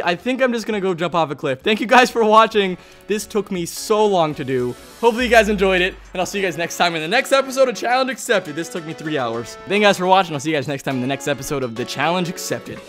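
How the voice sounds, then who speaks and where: An excitable young man commenting on his gameplay, his voice sitting a bit high and swinging lively up and down. He chats to the other players and bursts into shouts. Faint music plays behind him. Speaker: gaming channel host.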